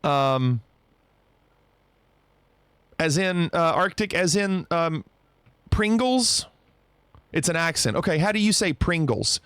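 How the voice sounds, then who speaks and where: A man's voice: fairly high pitch, expressive, slow pace, long pauses, a bit bright, clear, resonant tone, no room sound. A man streaming live, chatting casually and playfully with his viewers. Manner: playful, bantering about pronunciation.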